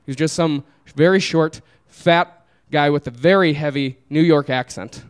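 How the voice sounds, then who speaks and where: A young man tells a long story on stage, relaxed and amused, and laughs often as he goes. His voice sits a little high for a man and comes across smooth and clear. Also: moderate pace. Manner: laid-back, amused, laughs through his own story. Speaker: comedian telling a story on stage. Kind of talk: live storytelling. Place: small live venue.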